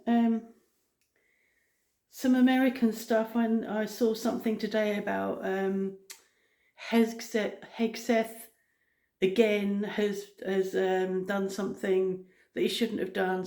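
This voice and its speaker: A middle-aged woman chatting casually to her viewers, rambling with many pauses and ums. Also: mid-range voice, level tone, roomy sound. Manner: rambling, frequent ums, soft-spoken. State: out of breath. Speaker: vlogger. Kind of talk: casual chat.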